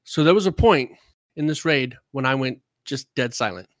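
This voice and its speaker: A man's voice: mid-range voice, moderate pace, no room sound. A man who streams games, telling a story in casual podcast chat, talkative and worked up. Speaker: streamer and gamer.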